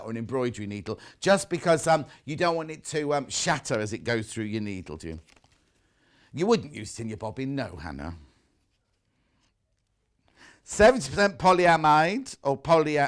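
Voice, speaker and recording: A man's voice: a little high, fairly bright tone. A British man presenting a live shopping show in a windowless studio, chatting and reading out viewer messages.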